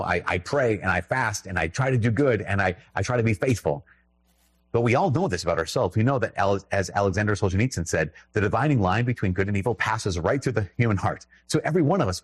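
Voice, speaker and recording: A man's voice: on the low side, husky, dry recording. A man with a Minnesotan accent giving a conversational, emphatic sermon, breaking off into restarts and little laughs.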